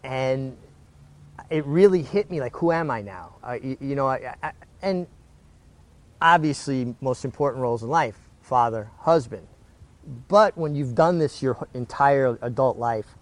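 A man's voice: medium pitch, expressive, moderate pace. Earnest middle-aged man telling his story. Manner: earnest, repeats words when restarting. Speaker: retired jockey guest. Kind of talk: casual storytelling interview.

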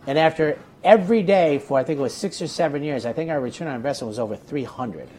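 Animated higher-voiced man talking horse racing. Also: quick pace, a crowd in the background. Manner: animated storyteller, repeats words when starting. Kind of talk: casual racing talk show chat.

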